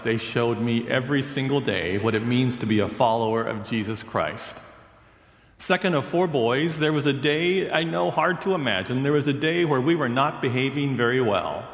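Male preacher, deliberate storytelling sermon delivery, roomy sanctuary sound. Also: medium pitch. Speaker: pastor.

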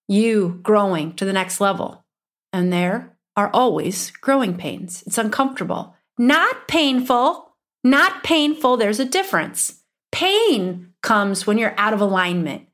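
A woman in her thirties with an Upper Midwestern accent, teaching as a spiritual coach in an earnest, emphatic way that repeats key phrases. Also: medium pitch. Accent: Upper Midwestern American. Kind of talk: teaching monologue.

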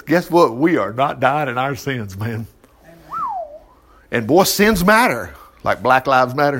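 Lively man teaching scripture. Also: on the high side, measured pace, husky. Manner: animated, folksy, chuckling asides. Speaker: Bible teacher. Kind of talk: informal Bible study commentary.

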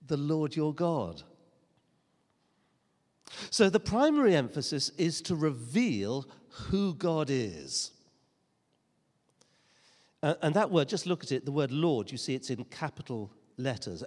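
Male preacher, earnest and emphatic, lively intonation, long church reverb. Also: medium pitch. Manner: earnest, emphatic preaching with rhetorical questions and dry humor. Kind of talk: sermon.

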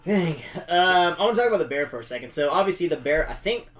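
A man's voice: a little high, expressive, fast talker, a bit bright. A man with a Southern American accent co-hosting a casual movie review podcast, laid-back and chuckling as he retells scenes. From Georgia, USA. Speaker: podcast co-host. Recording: distant mic with faint background noise.

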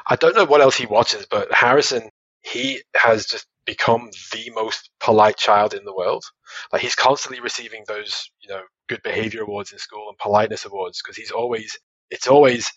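A man, a father telling stories as a podcast guest, animated and quick to laugh. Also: on the low side, husky, no echo, lo-fi sound. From Australia. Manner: animated storytelling, laughs often, many restarts. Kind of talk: casual interview chat.

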